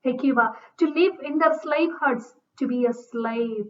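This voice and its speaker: Woman lecturer reading a play and explaining it line by line, highish voice, kinda far off and muffled. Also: measured pace, a little hiss or hum. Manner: reads lines aloud then paraphrases, with fillers and restarts. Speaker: literature lecturer. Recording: dull distant recording.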